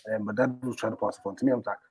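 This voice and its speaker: A man telling a long personal story in casual chat, animated and full of slang and fillers. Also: lowish voice, rapid-fire, slightly rough, low-quality recording. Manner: animated, acts out quoted people in a raised voice. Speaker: stream host.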